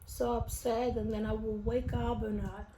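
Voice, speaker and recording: Her pitch sits fairly high and her delivery is flat at a normal speed. She's a young vlogger at home, casually recounting a personal story while eating, rambling emotionally with lots of fillers and restarts, recorded in a roomy space with faint noise.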